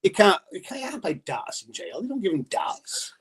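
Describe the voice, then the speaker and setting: A man's voice: high voice, wildly swooping pitch, moderate pace, slightly rough. A man as a podcast guest in casual chat, telling stories chattily, swearing and laughing often.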